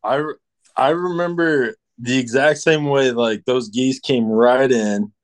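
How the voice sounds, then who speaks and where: A man's voice: medium pitch, unhurried. Man, hunting buddy, rambling casual storyteller, mid-range voice. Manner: rambling, full of "like" and restarts.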